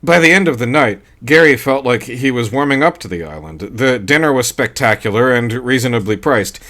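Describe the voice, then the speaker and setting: A man narrating a short story in a dry, steady storytelling manner. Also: mid-range voice, a little fast. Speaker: audiobook narrator. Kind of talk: scripted narration.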